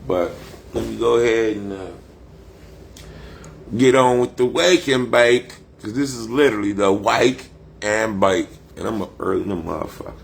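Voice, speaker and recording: A man's voice: fairly low pitch, normal speed, creaky, a little hiss or hum. A man, rambling profanely and boastfully on a casual livestream. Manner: loose, profane, boastful street talk.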